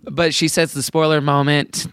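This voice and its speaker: A man's voice: fairly high pitch, flat delivery, normal speed, fairly bright tone, smooth, no echo, studio quality. A man co-hosting a podcast, chatting casually, reading listener emails and laughing often. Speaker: podcast co-host.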